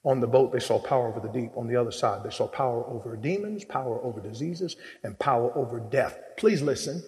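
A man preaching a sermon, telling a story dramatically and acting out the voices of its people, swinging from hushed to loud. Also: medium pitch, a little fast, in a large hall.

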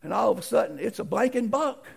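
A middle-aged man preaching a folksy storytelling sermon, animated and acting out the voices in his stories. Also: high voice, fast, vocal fry, husky.

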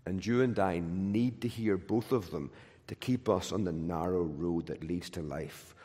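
A man preaching a sermon with emphatic, repeated phrases, swinging between loud declarations and hushed, gentle lines. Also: low voice, measured pace. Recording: long hall reverb.

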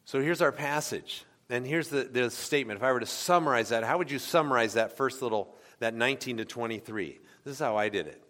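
Man preaching a sermon, casual and questioning, bright tone, long hall reverb. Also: mid-range voice, brisk, few pauses. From United States. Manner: conversational, asks the congregation questions. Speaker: pastor.

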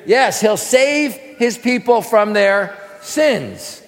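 A man's voice: sits high, expressive, extremely slow, in a large hall. A man teaching scripture sermon-style, quizzing his listeners and answering his own questions. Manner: asks the audience questions and answers them himself. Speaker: preacher teaching a class.

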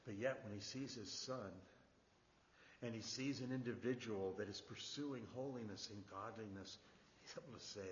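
A man preaching a sermon as pastor, repeating key phrases for emphasis and building from quiet reflection to emphatic preaching. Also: lowish voice, normal speed, in a large hall, dull audio, a little hiss or hum.

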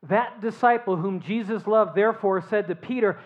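A pastor preaching a sermon, telling the story with animated rhetorical questions and often dropping to a hushed tone. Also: mid-range voice, moderate pace. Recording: dull lo-fi sermon recording.

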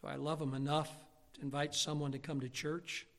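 A male pastor preaching a sermon, swinging from loud, emphatic lines to hushed ones. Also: a little high, flat delivery, fairly quick, gravelly. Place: church sanctuary. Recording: long reverb of a church hall.

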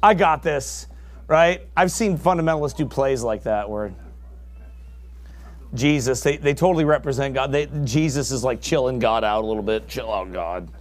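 A man preaching a fiery sermon, his voice climbing to shouts as he presses his points. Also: mid-range voice, normal speed.

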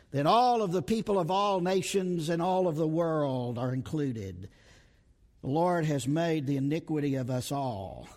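Guy preaching a sermon, high lively voice, slow and dramatic, trails off into a hush, echoey hall. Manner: dramatic, repeats rhetorical questions, stretches words, drops to a hush. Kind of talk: expository sermon.

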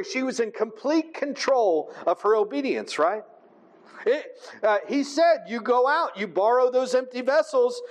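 A man with a notably high voice delivers a sermon. He reads scripture aloud, then explains it in plain, conversational terms, often stopping to ask his listeners "right?". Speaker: preacher.

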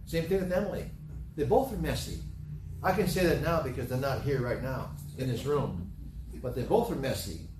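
Recorded from afar in a roomy space with faint ambience and a noisy background, a middle-aged pastor preaches. He tells homely stories in a folksy way, often repeating himself, in a medium-pitched voice.

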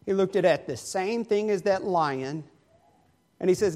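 A male preacher delivers a sermon, retelling a story with lively, animated emphasis. His voice sits notably high for a man. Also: normal speed.

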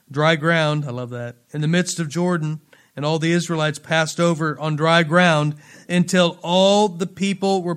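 A man preaching a sermon, reading scripture aloud and then explaining it with playful asides, swinging between loud emphasis and quiet drops. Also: a little high, clean tone. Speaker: pastor.

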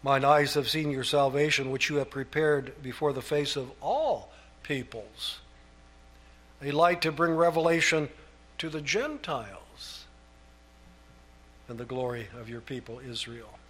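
A man preaches a sermon, reading scripture aloud at a measured pace in a slightly bright voice. He lifts his voice on key phrases and drops low for asides.

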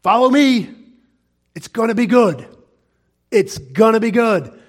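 High-voiced man preaching earnestly. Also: expressive, unhurried. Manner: earnest, pleading, swings from loud urging to hushed asides. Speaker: pastor. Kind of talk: sermon.

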